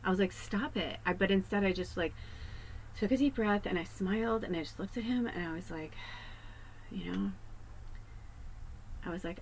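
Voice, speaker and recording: A woman with a lowish voice talks through a spiritual card reading. She rambles in loose, animated chat and often sinks into quiet, confiding asides. Faint room ambience hums behind her. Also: normal speed, pauses often, a little hiss or hum, rough recording. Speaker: psychic medium giving a card reading.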